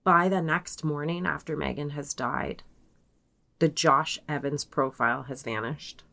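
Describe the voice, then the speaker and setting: A woman's voice: sits low, fairly even intonation, a little slow, gravelly, sharp tone. A young adult woman co-hosting a podcast, casually retelling a story, peppering it with "like" and quoting people in her own voice. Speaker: podcast co-host.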